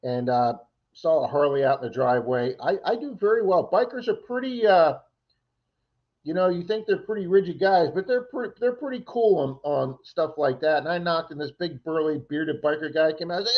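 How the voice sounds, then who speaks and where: A man with a gravelly, fairly high voice co-hosts a casual livestream and drifts into long, rambling stories, putting on the voices of people in them. The sound is dull and lo-fi, like compressed stream audio. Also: brisk. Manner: rambling storyteller, acts out other people's lines. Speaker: livestream co-host.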